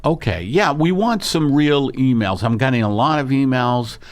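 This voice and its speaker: A man hosting a podcast, chatting casually in a rambling, halting way with lots of pauses. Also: medium pitch, animated. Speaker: podcast host. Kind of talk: casual chat.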